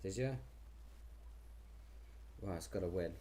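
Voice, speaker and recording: A man's voice: low-pitched, takes it slowly, warm tone, slight background noise. Chatty man hosting a stream. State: losing his voice. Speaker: host. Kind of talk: casual live stream chat.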